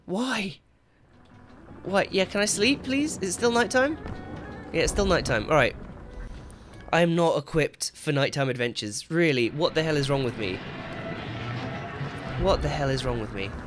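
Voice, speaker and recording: Man, high and very lively voice, jumpy let's-play commentary with game music behind. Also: moderate pace, long pauses. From England. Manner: jumpy, yelps and swears when startled. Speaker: gaming YouTuber.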